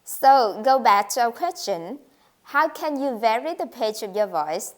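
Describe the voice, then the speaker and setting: A woman's voice: fairly high pitch, expressive, measured pace. A woman teaching an English pronunciation lesson, speaking carefully and modeling intonation with example sentences.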